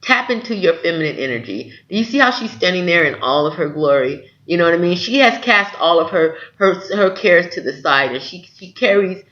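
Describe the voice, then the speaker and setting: Man, tarot reader, encouraging, earnest, fairly high voice, slightly dull lo-fi sound. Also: lively intonation, a little fast, hardly any pauses, sharp tone. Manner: encouraging, earnest, often asks "okay?". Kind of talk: spiritual tarot reading to camera.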